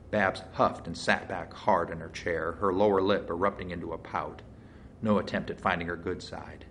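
A man's voice: sits low, fairly even intonation, normal speed, fairly bright tone, slight background noise. A man narrating a first-person mystery story in a dry, wry way.

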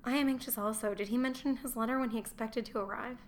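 For an audiobook, a woman voices a meek young Roman wife anxious to please her husband, speaking mildly and softly. Her voice is a little high and steady, close to everyday speech, with a quick pace and slight background noise.

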